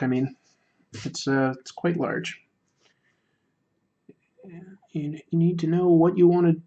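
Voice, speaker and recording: On a drawing livestream, a man with a fairly high-pitched voice responds to viewer comments in relaxed, meandering chat. He's self-deprecating and fills his speech with fillers, and the audio comes across dull.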